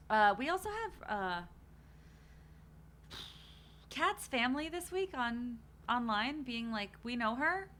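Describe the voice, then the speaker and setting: Young woman streamer rambling about a reality show, bright tense voice, a bit higher, faint room hum. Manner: animated, swearing, acts out houseguests' quotes. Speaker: streamer hosting a reality show watch party. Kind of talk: casual chat.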